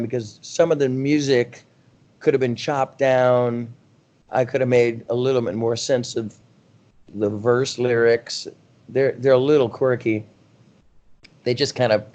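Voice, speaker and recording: Middle-aged man spinning rambling rock anecdotes. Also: mid-range voice. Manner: animated, rambling anecdotes with frequent laughs and self-deprecation. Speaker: guest rock singer. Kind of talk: casual interview storytelling.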